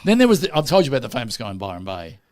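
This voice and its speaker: Brief: male co-host, quick talker, understated deadpan delivery. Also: medium pitch. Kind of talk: casual comedic chat.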